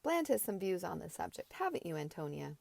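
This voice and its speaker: A woman doing a booming, bluff gentleman teacher. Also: big pitch swings, brisk, creaky, heavily acted. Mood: blustering. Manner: booming and bluff, mock-hectoring. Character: brash, loud middle-aged male teacher. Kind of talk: amateur audiobook character voice.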